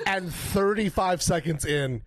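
A man retelling events in casual podcast chat, animated and swearing a lot. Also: high-pitched, unhurried, crowd noise. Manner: animated storyteller, heavy swearing.

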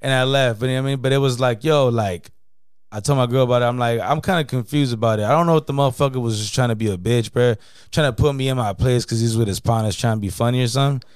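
A man's voice: mid-range voice, fast, clean tone, dry recording, clean studio sound. A man telling a story in casual podcast chat, slangy and profane, filling his talk with "you know what I mean.". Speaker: podcast co-host.

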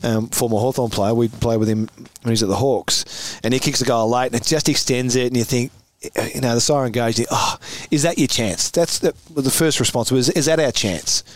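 A man with an Australian accent, a podcast guest telling lively anecdotes and laughing often. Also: medium pitch, fairly quick. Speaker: podcast guest, former footballer. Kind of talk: animated storytelling chat.

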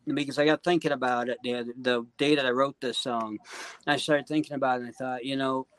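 Brief: earnest male guest, mid-pitched, dry close sound, sincere, meandering. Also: steady tone, fairly quick, smooth, no echo. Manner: earnest, heartfelt, full of "you know" and "um". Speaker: guest singer-songwriter. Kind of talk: casual podcast interview.

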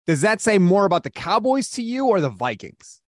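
A man with a high, very lively voice hosts a sports talk segment, firing off punchy questions and his own takes. The sound is dry and close. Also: a little fast, no echo.

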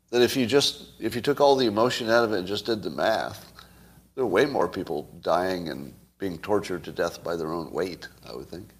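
Argumentative man with a low voice. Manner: conversational, argumentative, asks the audience questions; wide swings in pitch and loudness. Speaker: commentary show host. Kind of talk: solo political commentary.

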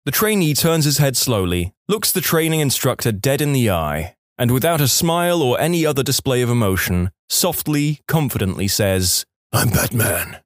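A man reading out collected stories in a wry, deadpan-leaning narration, with a mid-pitched voice that rises and falls with a lot of life. The sound is dry and close, with no room around it. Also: moderate pace, hardly any pauses, dry recording. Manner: dry, wry storytelling with quoted dialogue. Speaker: story narrator. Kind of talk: scripted narration of online stories.

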